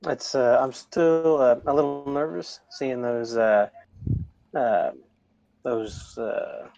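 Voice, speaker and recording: A man playing in a tabletop game, describing his character's moves hesitantly with many pauses. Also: medium pitch, fairly even intonation, creaky, a little mellow, dry recording, dull audio, faint music behind. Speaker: player. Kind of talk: casual in-character play.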